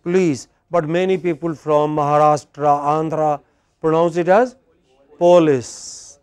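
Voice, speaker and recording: A man's voice: a little high, steady tone, moderate pace, clean tone, dry recording. Indian man teaching pronunciation drills. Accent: Indian English. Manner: quizzing students, repeating words for drill. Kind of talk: classroom lecture. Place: classroom.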